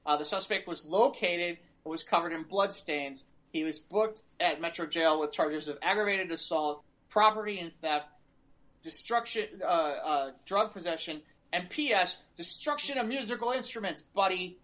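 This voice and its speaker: A man co-hosting a podcast, chatting casually and rambling with animated jokes while reading out news stories. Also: high voice. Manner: animated, rambling, quick to joke. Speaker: podcast co-host. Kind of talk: casual chat.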